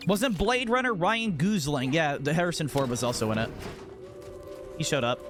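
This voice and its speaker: A man's voice: fairly high pitch, normal speed, fairly bright tone, soft background music. A man streaming a game, chatting casually and telling profane, joking stories in a rambling way. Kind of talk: casual live-stream chat.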